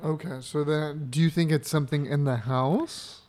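A man's voice: fairly high pitch, steady tone, moderate pace, a little mellow. Chill young guy, swears a lot, easy family talk. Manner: laid-back, swears casually. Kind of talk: casual family chat.

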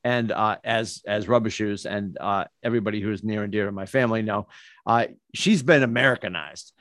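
A man's voice: fairly low pitch, brisk, fairly bright tone, dry recording. A man, co-hosting a casual sports podcast in a home studio, talking in long rambling tangents full of filler words. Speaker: podcast co-host. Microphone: studio podcast mic.

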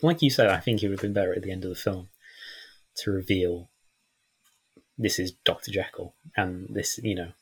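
Man, guest on a chat podcast, very low husky voice, chatty, laughs a lot. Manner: chatty, laughs often, acts out lines from films. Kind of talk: casual film chat.

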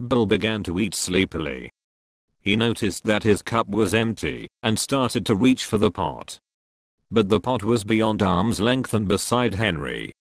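Man, storybook narrator, low-pitched, lively rise and fall, dry studio sound. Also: measured pace, no echo. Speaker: audiobook narrator. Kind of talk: storybook narration with voiced dialogue.

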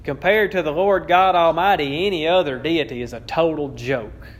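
A man's voice: on the high side, moderate pace, a little hiss or hum. A man preaching a sermon, with an emphatic, repetitive cadence and a touch of wry amusement. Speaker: pastor.

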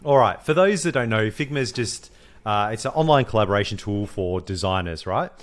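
A man's voice: lowish voice, expressive, brisk. An Australian man co-hosting a podcast, bantering in a casual, matey way. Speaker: podcast co-host. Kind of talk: casual chat.

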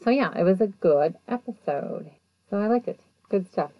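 A woman with a medium-pitched voice recaps an episode on her podcast at a moderate pace, chatty and animated as she acts out the people involved with quoted voices. The audio is dull and has no echo.

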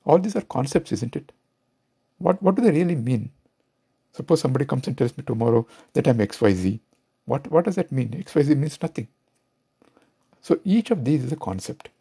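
A man's voice: medium pitch, lively intonation, fairly quick, gravelly, pauses often, dark tone, slightly rough. A man with an Indian English accent giving a reflective spiritual talk, asking rhetorical questions as he goes. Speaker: spiritual teacher.

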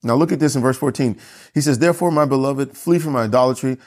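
A man preaching to his church, earnest and emphatic, slowing down on key phrases and correcting himself as he goes. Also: medium pitch, a little mellow. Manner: earnest preaching with pauses, slow emphatic repeats; self-correcting asides. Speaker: pastor. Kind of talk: sermon.

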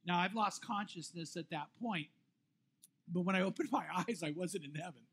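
A middle-aged male pastor tells a personal story from the pulpit. His voice sits high, and he talks in a lively, animated way, stumbling over restarts and breaking into self-deprecating laughs. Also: normal speed, slightly rough. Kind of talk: sermon storytelling.

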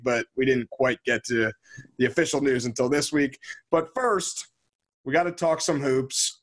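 A man hosting a sports podcast in a relaxed, conversational way. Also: a little high. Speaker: podcast host. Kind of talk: casual sports chat.

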